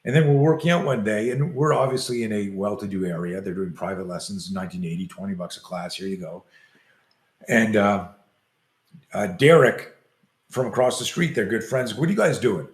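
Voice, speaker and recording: An older man who coaches self-defense tells a long story in an interview, animatedly acting out the quoted lines. His voice is fairly low and his speed normal, and the recording has a roomy echo.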